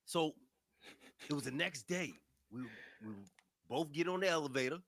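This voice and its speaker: A man's voice: fairly high pitch, normal speed, no echo. A man co-hosting a podcast in casual chat, laughing often as he tells his stories. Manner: lively, laughs often while telling stories. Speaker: podcast co-host.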